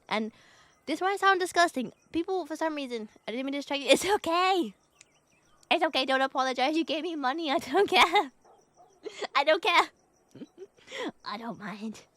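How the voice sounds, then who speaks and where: A young woman VTuber with a high-pitched, fairly bright voice, recorded with no room sound, talks casually to viewers. She keeps giggling, thanks donors, and curses in an offhand way.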